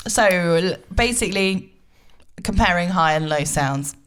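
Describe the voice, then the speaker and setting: A woman's voice: fairly low pitch, unhurried, clean tone. A woman co-hosting a podcast about teaching music, talking casually and explaining things with lots of fillers. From United Kingdom. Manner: relaxed, explaining with many fillers. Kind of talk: casual chat.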